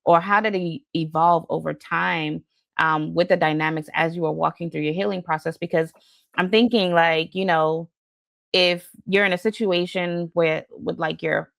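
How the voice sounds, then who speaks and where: A woman's voice: fairly low pitch, steady tone, normal speed, gravelly, dry recording, clean studio sound. A woman hosting a podcast, asking thoughtful, searching questions and rephrasing them as she goes. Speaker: podcast host. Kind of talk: interview questions.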